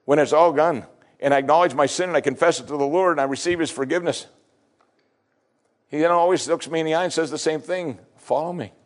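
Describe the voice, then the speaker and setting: A middle-aged man preaching a sermon, acting out scripture dialogue with big swings in his voice. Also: fast. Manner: expressive preaching, acting out scripture dialogue with sweeping pitch shifts. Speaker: pastor.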